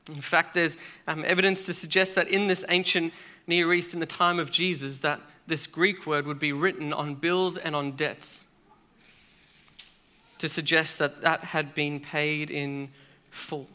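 Bright-voiced earnest male preacher. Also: on the high side, level tone. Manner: earnest, measured preaching with dramatic pauses. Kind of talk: sermon.

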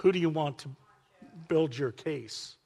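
A man preaching a sermon to a congregation, animated and full of call-outs to the listeners. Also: fairly high pitch, measured pace, vocal fry. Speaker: pastor. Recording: long hall reverb.

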